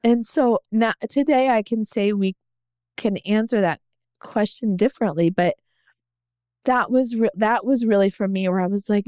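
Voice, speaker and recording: Earnest woman sharing her story, mellow voice, dry close sound. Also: medium pitch, normal speed, clear, resonant tone, no room sound. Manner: earnest, reflective, emotional. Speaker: podcast guest. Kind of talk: candid personal storytelling.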